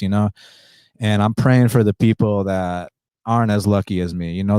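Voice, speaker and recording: Breathless man talking low and warm. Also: dry recording, studio quality. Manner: subdued indoor voice, blunt and profane. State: short of breath, pausing for deep breaths. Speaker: podcast host. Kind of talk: casual podcast monologue.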